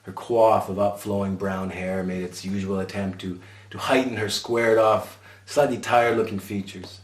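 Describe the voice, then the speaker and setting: A man's voice: lowish voice, fairly even intonation, moderate pace. A man narrating his own memoir in a dry, wry storytelling voice. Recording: roomy sound from a distant mic.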